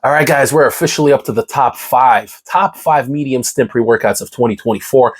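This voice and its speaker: Husky congested male reviewer, enthusiastic hype style, casual ranking talk. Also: medium pitch, a little fast. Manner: enthusiastic, hype-driven, repeats key words. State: congested, recovering from a cough. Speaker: supplement reviewer.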